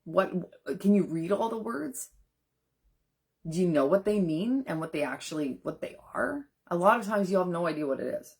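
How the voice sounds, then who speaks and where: A woman's voice: on the low side, lively intonation, normal speed, vocal fry, slightly rough. A woman who works as a nutrition coach, chatting earnestly and straight to viewers on a live stream and answering their comments. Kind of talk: casual live-stream chat.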